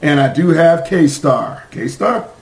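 A man hosting a sports podcast, hoarse from screaming, ranting in a fired-up, profane way with many fillers. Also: a little high, expressive, slow, roomy sound, rough recording. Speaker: podcast host.

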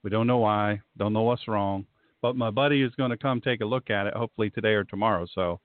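Low-voiced Southern preacher on a phone line. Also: male voice, fast, dry recording. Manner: rambling, folksy, repeats himself, fired up. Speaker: talk show host and pastor. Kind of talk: casual radio talk. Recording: tinny dry phone-line audio.

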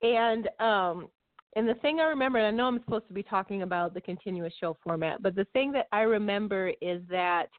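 A woman co-hosting a podcast in casual chat, talkative and quick to laugh. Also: mid-range voice, dry recording. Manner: chatty, laughs easily. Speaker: podcast co-host. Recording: dry, phone-like line.

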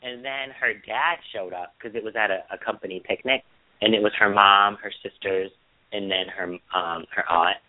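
A man co-hosting a casual podcast, telling a story in long rambling turns and acting out quoted lines in a high mocking voice. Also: fairly even intonation, normal speed, no room sound. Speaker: podcast co-host. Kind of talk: casual chat. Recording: dry, tinny phone-line sound.

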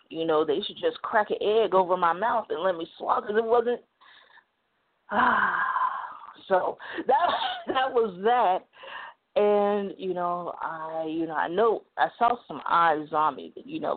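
Midwest-raised woman hosting a call-in talk show; rambling, filler-heavy storyteller; thin phone-quality audio. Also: fairly low pitch. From Midwest United States. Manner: chatty, digressive, many "you know" fillers. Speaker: talk radio host. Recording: phone-like narrow band.

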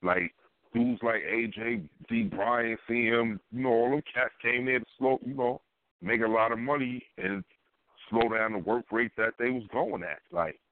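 A man's voice: mid-range voice, moderate pace. A man co-hosting a podcast in casual chat, talking in emphatic slang and repeating himself for effect. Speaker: podcast co-host. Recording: phone-like line with faint noise.

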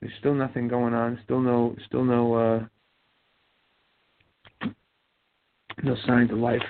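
A man's voice: mid-range voice, completely flat delivery, slow. A man from Ohio hosting a casual talk show, mumbling and rambling with many fillers and restarts. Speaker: podcast host. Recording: tinny phone-like sound.

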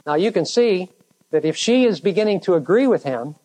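A preacher delivering a sermon in a deliberate way, stretching out key words for emphasis. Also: medium pitch, expressive, warm tone, poor audio.

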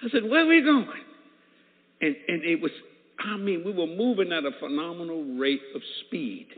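A man's voice: fairly high pitch, fairly quick. A man preaching and telling a personal testimony, acting out the voices of the people in it. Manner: animated storyteller who acts out dialogue. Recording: tinny phone-like sound in an echoey hall.

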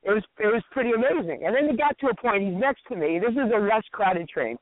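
A man's voice: high voice, quick pace, no room sound. A man co-hosting a radio talk show, telling stories animatedly, swearing and acting out other people's lines. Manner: animated, profane, acts out quotes. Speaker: radio co-host. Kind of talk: casual storytelling chat. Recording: tinny phone-like radio audio.

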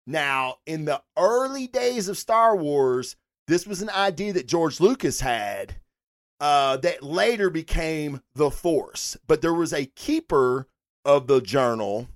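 A fan-show host rambles through a casual livestream, answering viewers in chat as he goes. The talk is animated and full of swearing, and the pitch swings up and down with energy. The sound is close and dry. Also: takes it slowly, dry recording.

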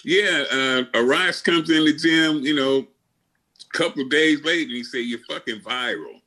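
A man's voice: fairly high pitch, normal speed, bright, forceful tone. Blunt, foul-mouthed older man. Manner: blunt, heavy swearing, frequent restarts. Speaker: podcast guest. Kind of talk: casual interview storytelling.

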